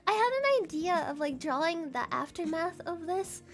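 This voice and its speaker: A woman's voice: very high voice, expressive, normal speed, soft background music. A woman streamer chatting casually to her live audience, giggling often, rambling and swearing freely.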